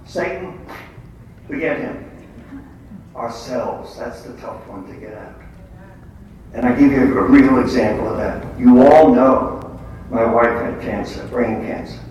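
A man's voice: mid-range voice, a little slow, long pauses, a little mellow, dull audio. A man giving a conversational, testimony-style religious talk to a gathering, telling stories with blunt humor. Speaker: lay speaker at a faith gathering. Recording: echoey room from far off, faint noise.

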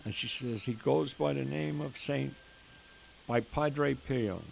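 An older man slowly telling his own emotional story as a father, in an earnest way with quoted dialogue. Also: mid-range voice, gravelly. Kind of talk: personal testimony storytelling. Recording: faint hiss behind the voice.

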